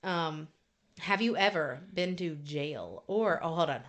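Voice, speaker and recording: A woman co-hosts a podcast with a slightly low pitch and a bright tone. She asks the questions in a casual chat, animated and teasing as she goes. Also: a little slow. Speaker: podcast co-host.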